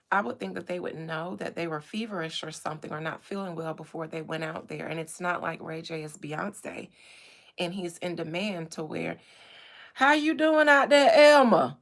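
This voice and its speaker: A woman giving a casual live-stream tarot reading, chatty and quick to turn aside to her viewers. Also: fairly low pitch, fairly even intonation, creaky, fairly bright tone. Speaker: tarot reader.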